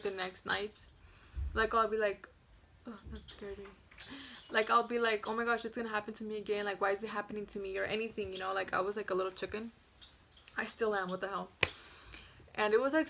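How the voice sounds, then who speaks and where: Young woman vlogging, bright clear voice, says "like" every other word, goes quiet for the spooky bits, faint hiss. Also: mid-range voice. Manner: rambling, constant "like" fillers, drops to a hush at scary parts. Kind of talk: casual storytelling to camera.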